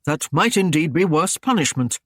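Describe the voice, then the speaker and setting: A man's voice: on the high side, expressive, moderate pace, no room sound, studio quality. A man voicing a stern, proud Norman lord who speaks in a curt, growling, commanding way.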